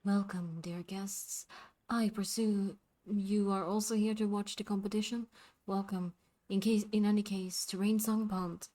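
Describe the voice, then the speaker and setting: A woman voicing a calm, formal frog who hosts a jumping contest, speaking softly and courteously. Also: medium pitch, lightly acted. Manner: soft-spoken, courteous, measured.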